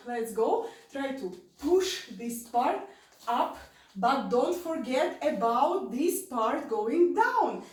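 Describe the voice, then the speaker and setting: A woman's voice: sits high, distant mic. A woman teaching an online dance class, repeating short coaching cues and counting out beats. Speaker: dance instructor. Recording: echoey room, voice from off-mic.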